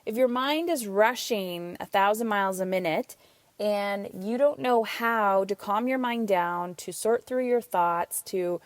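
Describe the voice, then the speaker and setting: A woman's voice: mid-range voice, unhurried, no room sound. Emphatic woman podcast host, dry sound. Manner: energetic, emphatic, swears casually. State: out of breath. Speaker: podcast host and parenting coach. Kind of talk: solo podcast monologue.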